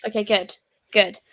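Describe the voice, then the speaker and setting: A woman's voice: medium pitch, a bit bright, dry recording. A woman chatting casually over a video call on mobile data, hesitant and swearing casually.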